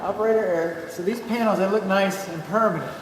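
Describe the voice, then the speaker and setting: A Texan home inspector with a high voice and quick pace walks a client through an empty new house, narrating in a folksy, chatty way with joking asides. The empty rooms echo, and there's steady background noise.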